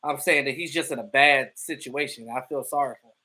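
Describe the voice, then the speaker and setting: A man hosting a livestream, talking football in a casual, profane and animated way, often stammering and restarting his sentences. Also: medium pitch, brisk, rough recording. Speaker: livestream host. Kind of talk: casual sports talk.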